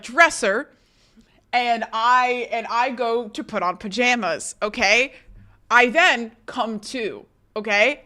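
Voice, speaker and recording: A young woman with a bright, fairly high voice, talking to her stream from a home setup. She is chatty and animated, swearing freely and breaking into laughter as she tells a story. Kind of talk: casual chat storytelling.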